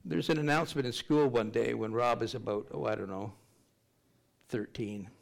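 A man's voice: medium pitch, normal speed, gravelly. An older man preaching a sermon, reading scripture aloud and telling stories in a conversational way, with rambling, self-deprecating asides. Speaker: pastor.

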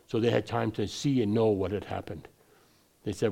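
A man's voice: on the low side, lively intonation, normal speed, creaky, mellow. A man preaching a sermon, wandering and restarting his sentences, then pushing his voice up hard on the points he wants to land. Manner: digressive, frequent restarts, rising emphasis on key points.

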